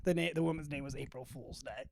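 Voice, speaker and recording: A man's voice: mid-range voice, fast, gravelly. A young man cohosting a casual podcast, joking and rambling with frequent laughs. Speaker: podcast co-host. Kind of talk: casual chat.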